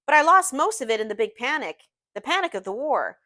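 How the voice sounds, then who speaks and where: A woman's voice: high-pitched, sing-song, brisk, bright, forceful tone, exaggerated voice. A woman reading aloud as a fretful, grandiose young rich man, moving from urgent worry to beaming delight. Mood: elated.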